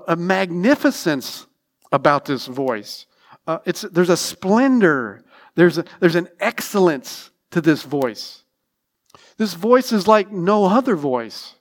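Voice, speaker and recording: Emphatic male pastor preaching. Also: sits high. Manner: emphatic preaching with frequent restarts and repetitions; drops to a soft, near-whispered aside at times. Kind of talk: sermon.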